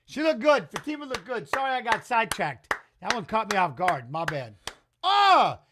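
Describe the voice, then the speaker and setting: A man hosting a live-stream watch-along, giving casual fight commentary in an excitable, slangy way and teasing the chat. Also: sits high, brisk, noisy background.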